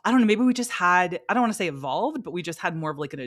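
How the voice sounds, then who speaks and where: A woman co-hosting a podcast, chatting playfully, laughing often and reading aloud quickly. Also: fairly low pitch, expressive, fairly bright tone, no room sound, studio quality. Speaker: podcast co-host. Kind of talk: casual chat.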